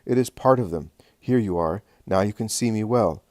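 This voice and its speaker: A man's voice: lowish voice, no echo, clean studio sound, natural voice. Man reading as a serene, loving male teacher. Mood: earnest. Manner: calm, measured, tender.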